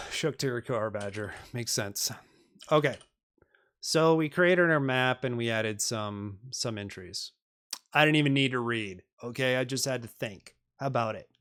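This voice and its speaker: A man's voice: mid-range voice, a little slow, fairly bright tone. A man on a live stream working through programming exercises, reading them aloud and joking with viewers in a self-deprecating way.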